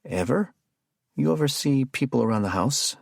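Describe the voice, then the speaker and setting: A man voicing a wary middle-aged male gardener with a heavy foreign accent, answering in short, halting, broken phrases. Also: medium pitch, lively intonation, vocal fry, husky, no echo, studio quality, pitched above the performer's own voice. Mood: curt.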